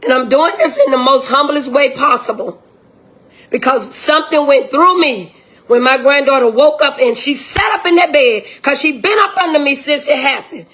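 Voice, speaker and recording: Older woman, high-pitched, indignant, impassioned, repeats herself, direct-address video. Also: normal speed, a bit bright. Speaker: grieving grandmother.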